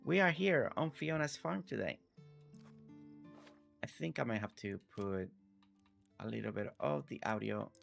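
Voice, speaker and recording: A man's voice: on the low side, animated, measured pace, vocal fry, long pauses, faint music behind. A man live-streaming a farming game, chatting casually with his viewers and thanking them by name. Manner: friendly, reads chat aloud, warm thanks to viewers.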